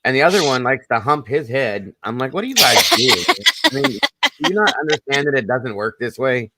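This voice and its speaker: A man's voice: mid-range voice, a little fast, a little hiss or hum. A man hosting a casual online chat, telling joking stories about his wife and dogs. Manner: joking storyteller, animated. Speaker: podcast host.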